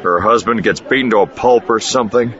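A grim, gruff smuggler, voiced by a male audiobook reader, clipped and tense, with a bright edge. The recording is slightly dull with faint noise. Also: on the low side, brisk, pitched above the performer's own voice, close to an everyday voice.

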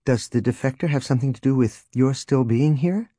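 A man voicing an adult woman, a sharp and frustrated leader who speaks quickly and pointedly. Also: mid-range voice, dry recording, studio quality, voice pushed up, lightly acted. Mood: eager.

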